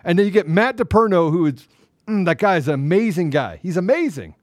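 Fired-up guy ranting on a talk show, high voice, dead dry sound. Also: big pitch swings, brisk, dry recording. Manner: angry and emphatic, swings from loud to low. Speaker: podcast co-host. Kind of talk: heated political talk.

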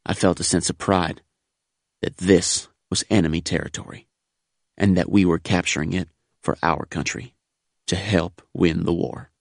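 A man narrating a first-person wartime memoir in a measured, sober, reflective way. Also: low voice, fairly even intonation, creaky, no room sound, studio quality.

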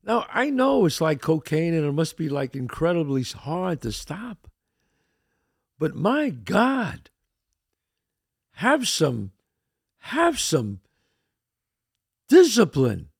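A man's voice: a little high, huge pitch swings, slow, vocal fry, long pauses, slightly rough, dry recording, studio quality. A man hosting a show, talking emphatically in a motivational monologue and acting out the voices he quotes. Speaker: podcast host.

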